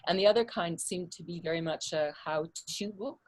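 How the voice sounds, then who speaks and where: A woman's voice: fairly low pitch, normal speed. A woman author and artist speaking candidly in a remote interview, with frequent fillers and laughs, heard through a computer mic without a headset. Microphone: computer mic without headset on a video call.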